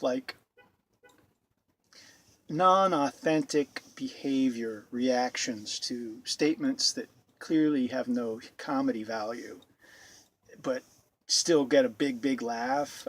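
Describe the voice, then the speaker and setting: A man's voice: medium pitch, a bit bright. A man commenting on a video with sarcastic, incredulous remarks, often repeating himself, recorded at home. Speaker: YouTube commentator.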